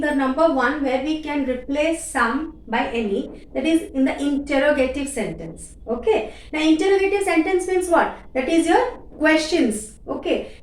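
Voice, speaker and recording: High lively woman teaching grammar. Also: distant mic. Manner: repeats key words, checks in with "okay?". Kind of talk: explanatory grammar lesson. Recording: echoey room, voice off-mic.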